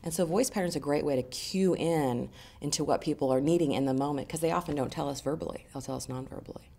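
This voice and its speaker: Low-voiced woman coaching on communication. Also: quick pace, vocal fry. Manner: animated, conversational, explanatory. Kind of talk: interview answers.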